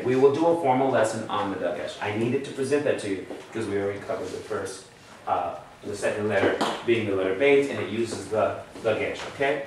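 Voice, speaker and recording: A man teaching a class, explaining patiently step by step and checking in with his students. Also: mid-range voice. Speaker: Hebrew teacher. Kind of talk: classroom lesson. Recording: echoey room from far off, faint noise.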